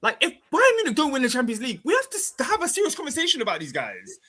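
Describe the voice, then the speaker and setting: A man argues football in a casual podcast chat, emphatic and repeating himself as he makes his point. His voice runs high and swings widely up and down. Chatter from the group is heard clearly behind him. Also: huge pitch swings, very fast.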